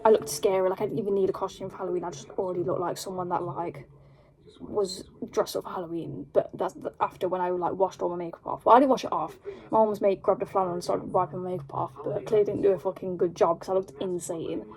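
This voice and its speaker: A woman's voice: lowish voice, fast, rough recording. Rambling young English woman telling a story. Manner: rambling, animated, peppered with "like". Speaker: vlogger. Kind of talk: casual storytime chat.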